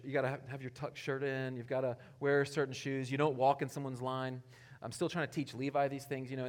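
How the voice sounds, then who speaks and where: A man preaching a conversational sermon, casual and chuckling, swinging between loud emphasis and quiet asides. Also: a little high. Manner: casual, chuckling, self-interrupting with restarts. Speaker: pastor.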